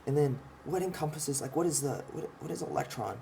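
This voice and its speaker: Gravelly, swearing man ranting. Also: a little high, a little fast, mellow, a little hiss or hum. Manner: profane, impassioned, restarts often; explains while pointing at a drawing. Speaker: vlogger explaining his ideas. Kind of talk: rambling casual monologue.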